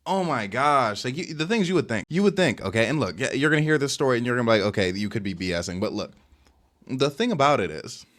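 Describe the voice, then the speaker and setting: A man's voice: medium pitch, animated, fast, a bit bright. A young man rambling through a casual storytime about his dating life, slangy and boastful, talking into a webcam setup at home. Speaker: streamer telling a dating story.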